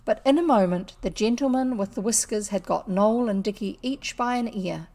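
A woman with a New Zealand accent reads a classic children's story aloud. Her narration is expressive and measured, at a middle pitch. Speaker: audiobook reader.

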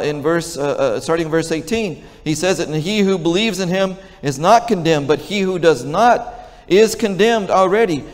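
An older man preaching a sermon as pastor, conversational and often asking the congregation questions. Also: fairly high pitch. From Texas. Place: large church sanctuary. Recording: long church reverb.

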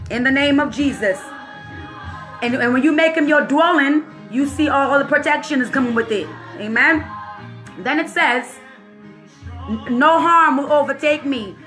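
A woman minister delivers an informal prophetic word in a high, bright voice. She preaches with lively energy, drops into casual slang and laughs often. Faint music plays behind her. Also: normal speed.

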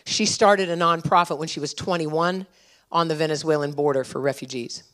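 A middle-aged woman preaching at a conference, telling stories with animated energy and urgent exhortation. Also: low-pitched, moderate pace. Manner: animated storytelling, laughing at her own stories. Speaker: conference speaker. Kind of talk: sermon.

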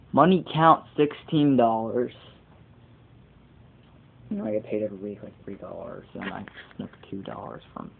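A teenage boy with a gravelly, creaky voice rambles through a casual video blog, wandering off on tangents and swearing offhand. He is heard through a tinny, lo-fi webcam mic. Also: on the low side, a little hiss or hum. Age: teens. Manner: rambling, digressive, casually profane. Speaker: vlogger.

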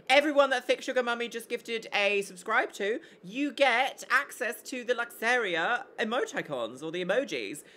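A woman on a casual live stream, playing a game and chatting with her chat in an animated, giggly way. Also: fairly high pitch.

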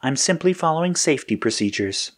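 A cold, calm ship computer, as a man puts it on. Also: a little high, voice pushed up. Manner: calm, matter-of-fact, slow. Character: calm ship computer turned sinister, male.

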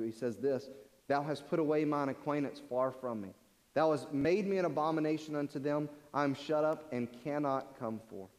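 In a large church sanctuary, a man with a fairly high, slightly mellow voice preaches an earnest sermon, often repeating words to press his point. Long church-hall reverb fills the recording.

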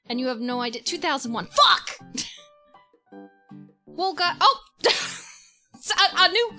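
A woman with a very high, bright voice streams a life-sim game live, laughing constantly and swearing at what she sees. She talks slowly, but her pitch bounces all over. Faint music plays behind her. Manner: giggly, swears often, reacts loudly. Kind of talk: live gameplay commentary.

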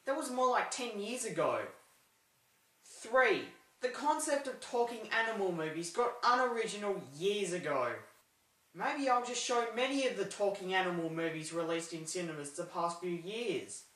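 A woman giving a comedic, opinionated movie review with sarcastic deadpan asides. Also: medium pitch, normal speed. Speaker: film reviewer. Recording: roomy echo, distant from the mic.

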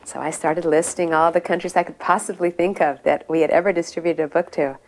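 A middle-aged woman telling an earnest personal story about her past, with many pauses and fillers. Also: fairly low pitch, steady tone. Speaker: devotee recounting memories. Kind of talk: personal reminiscence.

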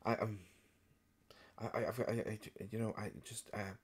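A man's voice: on the low side, flat delivery, normal speed, husky. A man voicing a jittery, over-caffeinated male voice actor who stammers and repeats words nervously in an audio role-play.

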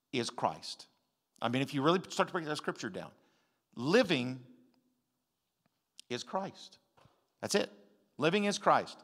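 An older man with a drawl preaches at a measured, slow pace, leaning hard on key words and then dropping to quiet asides. His voice sits mid-range for a man. It rings out with the long reverb of a large church hall. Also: medium pitch. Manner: emphatic, swings between loud stresses and quiet asides. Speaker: pastor. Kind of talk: sermon.

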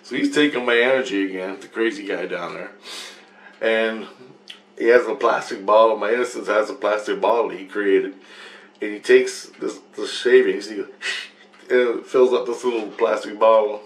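Man, lowish voice, rambling first-person account, profane, circles back on the same phrases. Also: steady tone, moderate pace.

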